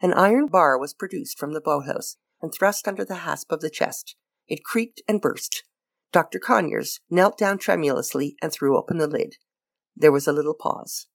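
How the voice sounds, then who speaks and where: A woman's voice: low voice, normal speed, vocal fry. A woman, reading a short story aloud as a radio host, then signing off. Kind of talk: storybook narration and radio sign-off.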